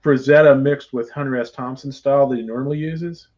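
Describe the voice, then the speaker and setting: A man's voice: mid-range voice, steady tone, brisk, darkish tone. A man co-hosting a podcast, chatting casually and reflectively about comics, agreeable with his co-host. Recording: dull lo-fi audio.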